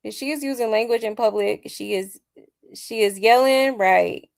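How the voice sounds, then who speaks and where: A woman's voice: on the high side, normal speed, vocal fry. A woman hosting a celebrity gossip livestream, sassy and chatty, talking straight to her viewers while she is losing her voice a little. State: slightly hoarse, losing her voice. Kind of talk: casual celebrity gossip commentary.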